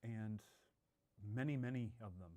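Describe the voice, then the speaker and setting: A man's voice: fairly low pitch, measured pace, warm tone. A man co-hosting a casual livestream, reading viewer comments aloud and joking with a light laugh. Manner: chatty, laughs often, jokes.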